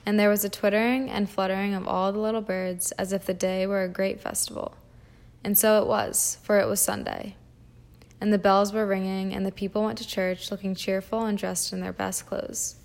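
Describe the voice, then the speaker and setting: Female storybook reader, measured and flat in pitch, creaky, with a few stumbles. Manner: measured, with small slips and restarts. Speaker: audiobook reader. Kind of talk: storybook reading.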